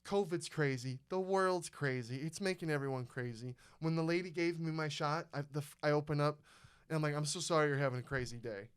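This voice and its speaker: A young man tells a story on his podcast in loose, swearing chat and slips into the voices of the people he quotes. His voice sits a little high and sounds smooth and clear. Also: fairly quick. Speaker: podcast host.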